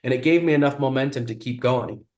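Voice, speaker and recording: A man, a guest speaker, telling a motivational story in an animated, vivid way. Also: medium pitch, fast, roomy sound.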